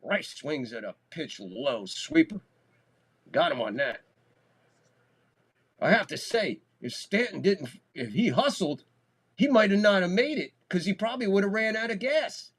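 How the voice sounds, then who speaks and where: A man's voice: high-pitched, sing-song, a little slow, breathy edge. A man hosting a live baseball stream, giving casual play-by-play, talking loosely and swearing freely. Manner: loose, talky, swears freely, gets loud on big plays. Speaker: host doing live baseball commentary.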